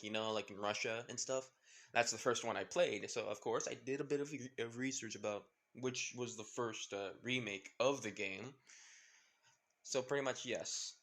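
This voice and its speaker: A young man with a bright, clear voice tells a homemade story casually. He rambles, restarts and leans on fillers as he goes. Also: medium pitch. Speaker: channel host, storyteller. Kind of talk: casual fan-story narration.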